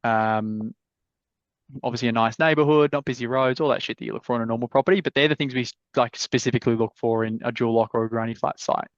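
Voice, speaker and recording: A laid-back Australian man hands out blunt property advice over a video call, swearing freely and keeping it casual. His voice sits at a middle pitch. The audio comes through muffled and dull, with a dry, close sound. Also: fairly even intonation, quick pace, no echo. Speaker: property advisor hosting live mentorship calls.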